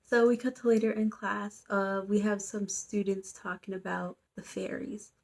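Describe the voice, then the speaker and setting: A woman's voice: medium pitch, steady tone, moderate pace, creaky, a little mellow. A young woman, a student, casually recapping a story in a chatty, rambling way full of fillers and playful quotes. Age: young adult. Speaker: student vlogger.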